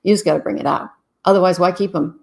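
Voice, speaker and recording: A woman from Canada hosting a live-stream Q&A on relationships, greeting viewers in a casual, chatty way and giving frank, brisk advice. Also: lowish voice, gravelly.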